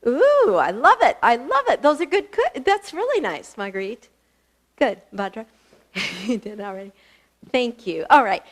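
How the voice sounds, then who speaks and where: Speaking at normal speed with a fairly high pitch and big swings in it, a woman runs a live online yoga session in a fitness studio. Her manner is chatty and encouraging, full of laughter, and she's a bit out of breath.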